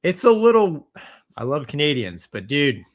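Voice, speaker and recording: A man's voice: a little high, very animated, moderate pace. A man co-hosting a casual pilot chat show, telling a story in a laid-back, slangy way full of dude.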